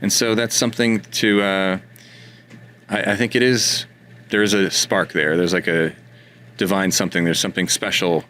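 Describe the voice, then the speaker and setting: A man's voice: low voice, fairly even intonation, moderate pace, bright, forceful tone, a little hiss or hum. A man as an interview guest, talking in a thoughtful, casual way and searching for words. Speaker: interview guest, dog photographer.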